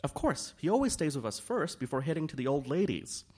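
A man's voice: fairly high pitch, very animated, fairly quick, a little mellow, breathy edge, voice pushed up. A man voicing an indignant, easily alarmed middle-aged society mother in a raised voice. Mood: incredulous.

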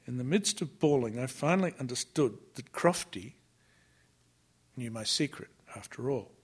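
A man narrating a literary novel in the first person, measured and often sinking to a hush. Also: medium pitch, expressive, husky. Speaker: audiobook narrator.

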